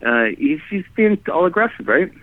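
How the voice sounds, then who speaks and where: A man talks a guest's story over a thin, phone-like line, rambling and circling back with restarts and "you know"s. His voice sits a little higher than most men's. The sound is dry and close, with no room around it. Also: very animated, moderate pace, no room sound. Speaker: guest telling his experience. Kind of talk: casual storytelling in conversation.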